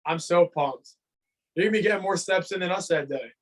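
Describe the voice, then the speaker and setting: A man's voice: high-pitched, fairly quick. A male guest in a casual podcast chat, talking enthusiastically and repeating himself.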